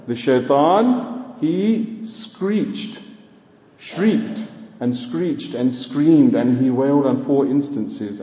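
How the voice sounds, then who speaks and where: A man preaching a sermon with emphatic, drawn-out words and rising exclamations. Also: medium pitch, warm tone. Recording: dull, echoey hall.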